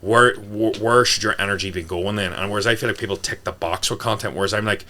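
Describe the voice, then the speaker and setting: A man's voice: on the low side, fast talker, pushed and bright. A man, a fitness coach guesting on a podcast, talking bluntly and swearing freely. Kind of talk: casual podcast talk.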